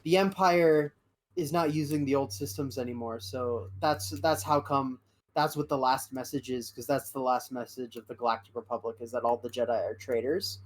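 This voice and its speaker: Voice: mid-range voice, steady tone, normal speed. Rambling podcast co-host. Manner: rambling, many restarts and fillers. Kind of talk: casual fan chat.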